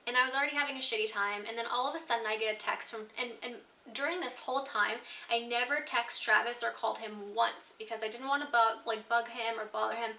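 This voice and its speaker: A young woman vents through a storytime vlog, her bright, forceful voice sitting a touch high. She talks candidly and swears freely. The room echoes around her, and the mic sits a little way back. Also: fairly even intonation, fast talker, gravelly, hardly any pauses, far from the mic. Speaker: vlogger. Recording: roomy echo, mic set back.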